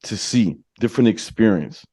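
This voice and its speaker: A man's voice: on the low side, lively intonation, moderate pace, mellow, breathy edge, no room sound. A man hosting a podcast, talking casually and slangily, often adding "you know what I'm saying". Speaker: podcast host. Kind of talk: casual chat.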